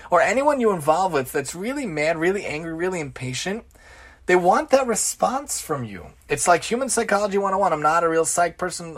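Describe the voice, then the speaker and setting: A man teaches a casual Torah lesson as host of his own show. His voice sits a bit high for a man. He stresses his points by stacking one phrase on another. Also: fairly bright tone. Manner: repetitive, emphatic lists.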